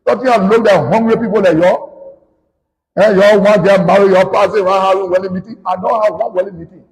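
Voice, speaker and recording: A man with a Liberian English accent, a politician giving a combative, accusing rant that swings between shouting and muttering. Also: high voice, steady tone, fast talker, big-room sound, rough recording.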